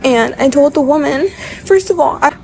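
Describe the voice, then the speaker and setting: A woman's voice: high-pitched, expressive, moderate pace, vocal fry, dark tone, soft background music. A woman telling an upsetting story in a tearful, upset way, swearing as she goes. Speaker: vlogger. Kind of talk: casual storytelling to camera.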